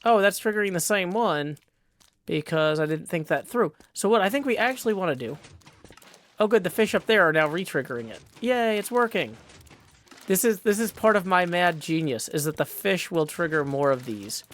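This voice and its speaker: A man's voice: high voice, expressive, normal speed, a bit bright. A man giving casual gameplay commentary into a desk microphone, thinking aloud, questioning himself and joking playfully. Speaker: Minecraft server player.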